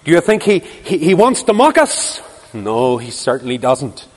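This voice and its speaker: High-voiced preacher in reverberant hall. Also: male voice, very animated, moderate pace. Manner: impassioned, rhetorical questions, repeats phrases for emphasis. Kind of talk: sermon.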